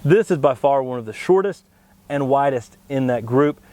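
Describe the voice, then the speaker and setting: Man explaining maples in a steady voice. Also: medium pitch, normal speed, no room sound. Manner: steady, explanatory, plant-expert tone. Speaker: co-host of plant show. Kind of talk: informative product talk.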